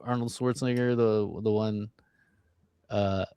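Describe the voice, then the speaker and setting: A man's voice: fairly low pitch, unhurried, smooth, no echo. A man, a stand-up comedian co-hosting a podcast, telling stories in casual, profane chat. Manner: relaxed, profane storytelling.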